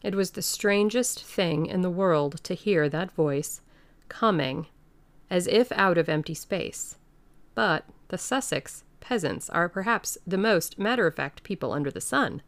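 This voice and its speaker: Female audiobook narrator, measured, low and gravelly. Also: animated. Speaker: audiobook reader. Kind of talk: scripted narration.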